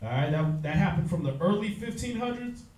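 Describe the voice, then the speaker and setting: A man's voice: high-pitched, a little fast. Emphatic man teaching in an echoey room. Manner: emphatic, animated lecturing with frequent fillers and restarts. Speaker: Bible study teacher. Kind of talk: Bible class teaching. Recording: echoey room, mic far off.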